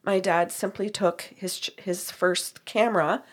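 A woman's voice: medium pitch, a little slow. A woman who works as a medium, telling a story about a reading and acting out both sides of the conversation. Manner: animated retelling with quoted dialogue. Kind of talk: storytelling chat.

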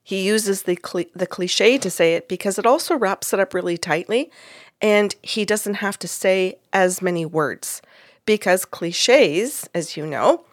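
A woman's voice: mid-range voice, measured pace, dry recording, studio quality. A woman who works as a psychic medium, telling a story in conversation and acting out the dialogue. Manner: retells events with quoted dialogue.

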